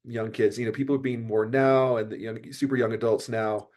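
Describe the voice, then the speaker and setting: A man's voice: medium pitch, fairly even intonation, normal speed, darkish tone. An American man speaking as a podcast guest in an earnest, flowing way. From United States. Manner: earnest, flowing, many "you know" fillers. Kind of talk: casual conversational podcast.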